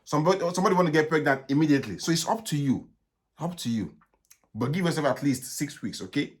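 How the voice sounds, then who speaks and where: Brisk Nigerian doctor, higher voice. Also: male voice, animated. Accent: Nigerian English. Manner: brisk, repetitive advice with frequent "okay?". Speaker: gynaecologist answering live viewer questions. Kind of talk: live Q&A stream.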